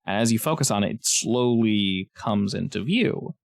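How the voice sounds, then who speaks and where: A man's voice: lowish voice, expressive, moderate pace, vocal fry, dry recording. A man narrating a tabletop game as game master, in a chatty way with frequent restarts.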